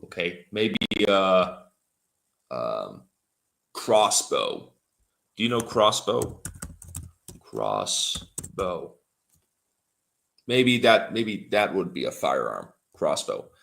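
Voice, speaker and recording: A man teaching English on a livestream, who talks slowly and repeats words for his learners. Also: low-pitched, big pitch swings, gravelly, fairly bright tone. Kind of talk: livestream language lesson.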